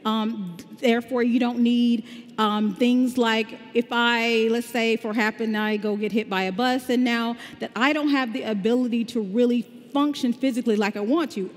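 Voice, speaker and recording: A woman from the American South with a slight Southern drawl, giving an upbeat, conversational tech conference talk. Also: fairly high pitch. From Southern United States. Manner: upbeat, conversational, explaining step by step. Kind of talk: conference talk with live demo. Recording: long hall reverb.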